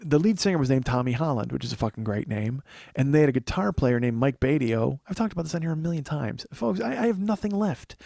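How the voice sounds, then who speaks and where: A man's voice: medium pitch, animated, fast, vocal fry, mellow, dry recording. A man in his forties hosting a comedy podcast, rambling and self-mocking as he chats and swears freely. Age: 40s. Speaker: podcast host. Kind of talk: casual comedic podcast chat.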